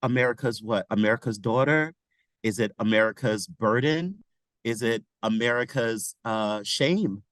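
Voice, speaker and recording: A man's voice: mid-range voice, unhurried, fairly bright tone, dry recording, rough recording. A man taking part in a teacher webinar over a video call, speaking thoughtfully and searching for his words. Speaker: teacher participant. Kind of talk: reflective discussion remarks.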